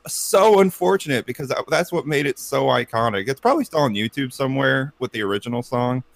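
A man's voice: lively intonation, fairly quick, creaky, dry recording. Rambling man on a podcast. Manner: rambling, lots of fillers and restarts; puts on silly high cartoon voices. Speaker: podcast co-host telling a story. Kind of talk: casual group podcast chat.

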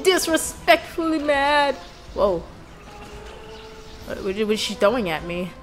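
A woman giving excitable let's play commentary as host of a gaming channel, with loud outbursts and swearing. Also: a little high, slow, pauses often, faint music behind.

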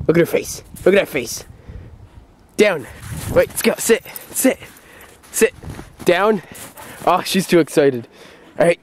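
A man filming his dog on a rural front lawn and calling to her in high sing-song calls with chuckling asides. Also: expressive, a little slow, long pauses. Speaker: vlogger. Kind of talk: casual vlog, playing with his dog. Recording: outdoor recording with clear background noise.

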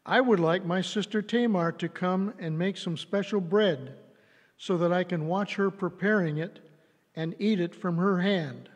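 A man reading aloud as a selfish young prince sick with desire. His voice is high and plain. It rings with a long hall echo. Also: a little slow. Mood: pleading.

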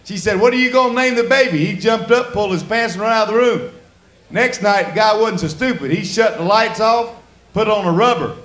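A high-voiced man works a comedy club stage, spinning crude stories in a drawl and acting out every character. The room is echoey around his mic. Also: brisk, a bit bright. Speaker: stand-up comedian. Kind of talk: stand-up comedy set. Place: comedy club stage before a laughing audience.

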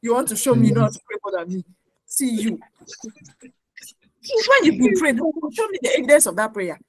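A woman preacher delivering a lively sermon, mimicking her congregants and laughing often. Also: on the high side, a little fast, slightly rough, dry recording, poor audio.

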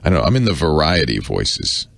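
Deep, gravelly, animated middle-aged man. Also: a little fast, no echo. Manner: chatty, self-correcting, laughing asides. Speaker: podcast co-host. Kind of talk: casual explaining chat.

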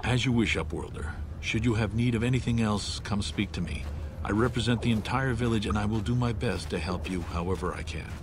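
A man's voice: on the low side, background noise, close to an everyday voice. A man playing a grave village elder. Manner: measured, formal speech. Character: solemn male village elder, grave, dutiful. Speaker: game character.

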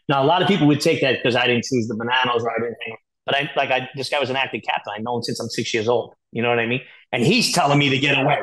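In a rough recording, a man with a steady, mid-range and fairly bright voice appears as a podcast guest. He rattles off candid stories in a fast, blunt, profane style heavy on fillers, interview-fashion.

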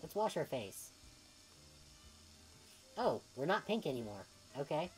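Brief: woman let's-player, joking, low and animated voice. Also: a little slow, faint music behind. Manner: playful, joking, laughs often. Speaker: game streamer. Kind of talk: casual let's-play commentary.

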